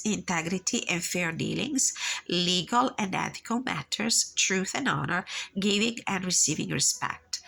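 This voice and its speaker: A woman with a congested, nasal voice talks through a personal tarot reading in a calm, reflective way. Her voice sits a little low and has a gravelly fry, yet it sounds bright and crisp on top. She reads guidebook passages aloud at an unhurried pace, often pausing on fillers. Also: poor audio. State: congested, nasal from blocked sinuses. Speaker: tarot reader and channel host.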